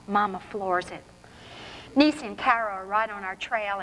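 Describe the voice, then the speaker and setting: A woman's voice: mid-range voice, sharp tone. A woman author reading her fiction aloud at a college forum, telling a vivid first-person story. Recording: reverberant hall, faint background noise.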